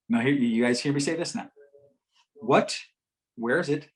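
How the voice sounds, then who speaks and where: Animated man telling a teaching story. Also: medium pitch, moderate pace, low-quality recording. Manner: animated storyteller, lively swings between loud and hushed, acts out quotes softly. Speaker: speaker at a community health forum. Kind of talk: teaching talk with a patient story.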